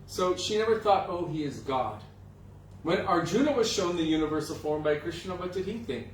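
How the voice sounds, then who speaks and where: Man telling a devotional story, kinda high voice, echoey room, mic a ways off. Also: fairly quick, a little hiss or hum. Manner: animated storyteller, acting out voices. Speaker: spiritual teacher. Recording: roomy echo, distant mic, faint ambience.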